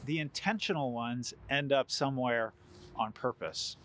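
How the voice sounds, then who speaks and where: A man preaching a sermon as pastor, retelling scripture with animated storytelling and acting out quoted lines. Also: medium pitch, a little slow, slight background noise.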